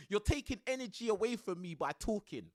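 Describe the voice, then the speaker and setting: Streaming live from his home under a studio light, a young man talks casually with lots of slang and frequent laughter. His voice is high and a little mellow, with lively intonation and normal speed.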